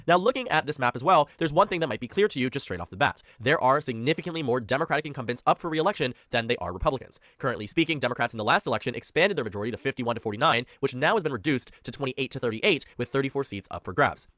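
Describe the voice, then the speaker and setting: A man narrating a scripted political explainer video in a brisk, informative way. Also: medium pitch, lively intonation, fairly bright tone, dry recording, studio quality.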